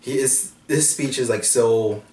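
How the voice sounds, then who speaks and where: A man's voice: mid-range voice, a little slow, a little mellow, echoey room, distant mic. A man co-hosting a casual movie chat, earnest and rambling, restarting his thoughts as he goes. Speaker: podcast co-host.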